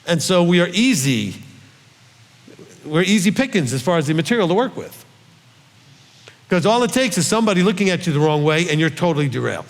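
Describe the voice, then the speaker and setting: A rabbi giving a conversational Bible teaching, earnest and coaxing, often checking in with his listeners. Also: fairly high pitch. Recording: long hall reverb.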